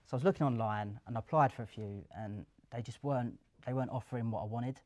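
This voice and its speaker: A young man tells his story at a live event in an office. He is chatty and lively, slipping into the voices of the people he quotes. His voice sits at an ordinary middle pitch. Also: fast. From Essex, England. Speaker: guest, career switcher. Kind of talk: casual storytelling interview.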